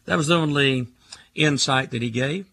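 Gravelly older man preaching on radio. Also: mid-range voice, normal speed, sharp tone, dry recording. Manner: emphatic, stacks words in rhythmic lists. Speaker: radio talk show host and preacher. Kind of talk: preaching call-in radio talk.

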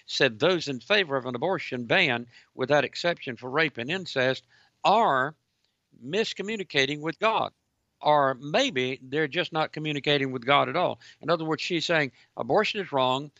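A man's voice: mid-range voice, vocal fry, bright, forceful tone, no room sound. A man hosting Christian call-in talk radio, giving indignant, preaching commentary. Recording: dull lo-fi broadcast audio.

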